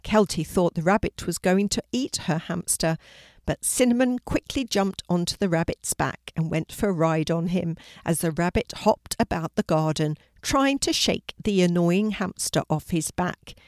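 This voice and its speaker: An older woman, a storyteller, gently reading a children's story aloud in a clear voice. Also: on the low side, moderate pace, no room sound, clean studio sound.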